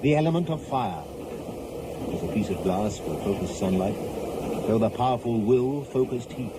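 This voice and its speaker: Man as a grave Victorian occult doctor, measured and ominous, expressive pitch, loud noise behind. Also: natural voice. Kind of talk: radio drama acting.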